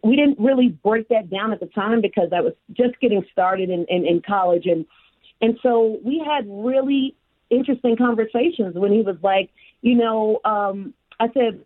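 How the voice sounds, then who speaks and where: A human resources executive from Chicago's south side tells her life story as an interview guest, animatedly acting out the voices of the people she quotes. Her voice is a little high and her pace normal. The recording is dry and narrow-band, like a phone.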